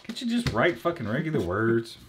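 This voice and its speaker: A man's voice: medium pitch, very animated, fairly quick. A man co-hosting a podcast, casually and crudely bantering while he opens trading card packs and mangles the card names on purpose. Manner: profane, mock-mispronounces card names. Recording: audible background noise, crinkling packs. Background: crinkling card wrappers.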